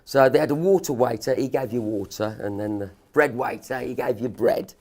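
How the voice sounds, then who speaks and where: A man's voice: medium pitch, moderate pace, darkish tone. A man with a Black Country accent, a guest comedian telling a story in casual chat, laughing often.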